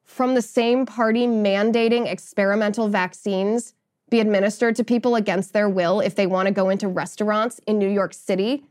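A woman's voice: medium pitch, steady tone, normal speed, darkish tone. A woman hosting a political podcast, giving indignant, sarcastic commentary. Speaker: podcast host.

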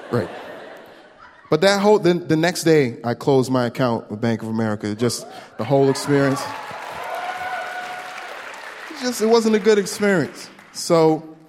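A man doing a stand-up comedy set, telling a story with quick voice impressions into a handheld stage mic at a live venue. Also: a little high, sing-song, a little mellow, a faint crowd. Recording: long hall reverb, faint room noise.

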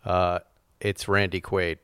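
A man hosts a casual podcast, rambling along in a smooth, resonant voice and laughing often. The sound is dry and close to the mic. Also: low-pitched, level tone, slow pace, fairly bright tone, dry recording. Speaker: podcast host. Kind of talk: casual chat.

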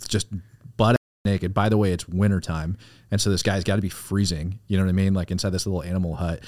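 A low-voiced man, a military veteran, co-hosts a casual podcast and tells stories in a rambling, profane way, full of "like" and "you know." There's no room sound on the recording.

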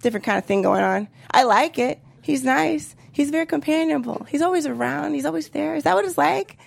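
A woman's voice: high-pitched, brisk, creaky. A woman in her thirties doing a brash, profane stand-up comedy set. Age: 30s. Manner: brash, profane, animated with voiced impressions.

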